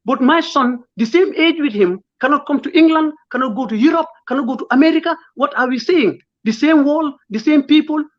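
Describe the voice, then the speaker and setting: A man's voice: extremely high pitch, fairly quick, few pauses. Impassioned man, dull lo-fi sound. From Gambia. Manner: emotional, pleading, rhetorical questions. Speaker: lawyer and political guest. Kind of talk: impassioned interview talk.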